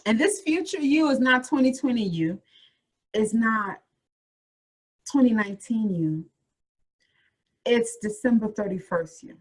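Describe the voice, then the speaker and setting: A woman's voice: fairly high pitch, animated, a little slow, long pauses, slightly rough, poor audio. A woman career coach giving a motivational webinar talk, encouraging and addressing her listeners directly with repeated phrases.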